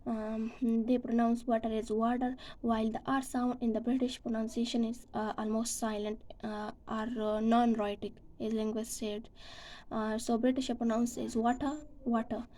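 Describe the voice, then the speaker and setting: A woman's voice: fairly high pitch, level tone, moderate pace, dark tone, poor audio. A woman giving a class presentation, speaking hesitantly with many fillers and restarts. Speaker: student presenter.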